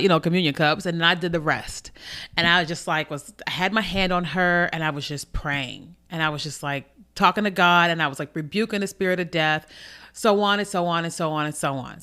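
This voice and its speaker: A woman's voice: lowish voice, sharp tone. A woman hosting a faith podcast, telling a personal story in an emotional, conversational way and repeating her phrases. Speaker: podcast host.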